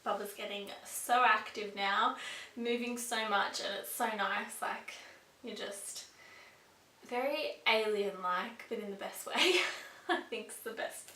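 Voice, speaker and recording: A woman's voice: mid-range voice, takes it slowly, pushed and bright. A pregnant woman in her twenties chatting casually and upbeat in a vlog, with frequent fillers. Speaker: vlogger. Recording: echoey room, mic a bit distant.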